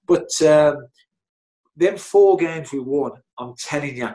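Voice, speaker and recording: This middle-aged interview guest speaks slowly, with a fairly high, mellow voice. His storytelling is relaxed and long-winded, looping back through restarts, fillers, and many "you know"s.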